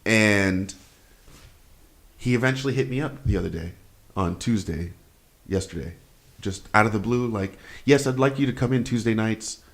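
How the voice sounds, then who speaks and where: A man's voice: on the low side, normal speed, pauses often. A man on a casual podcast, telling a story as a rant, swearing freely and acting out other people's lines. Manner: animated storyteller, swears freely, acts out dialogue. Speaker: podcast host.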